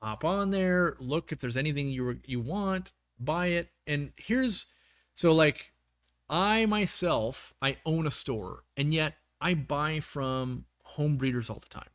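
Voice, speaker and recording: A man's voice: fairly high pitch, a bit bright, no echo, clean studio sound. A man hosting a casual livestream chat, rambling and often restarting his sentences, saying he is losing his voice. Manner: rambling, self-correcting, with many restarts. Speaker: livestream host.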